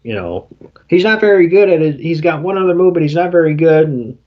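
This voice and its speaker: A man's voice: on the high side, lively intonation, brisk, lo-fi sound. A man co-hosting a podcast, chatting casually about an episode and filling with "you know". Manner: conversational, hedges with "you know". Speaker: podcast co-host.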